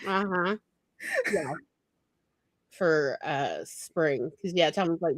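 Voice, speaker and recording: A woman's voice: sits low, unhurried, no echo. A woman co-host chatting casually, enthusiastic and giggly, with fillers. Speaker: co-host, newsletter writer. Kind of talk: casual chat.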